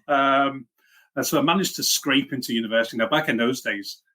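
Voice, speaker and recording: A man's voice: mid-range voice, fairly quick, pushed and bright. A middle-aged man from Liverpool with a mixed Liverpool and Welsh accent, chatting as an interview guest, self-deprecating and full of fillers and restarts. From Liverpool, England. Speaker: guest, software engineering leader. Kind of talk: casual interview chat.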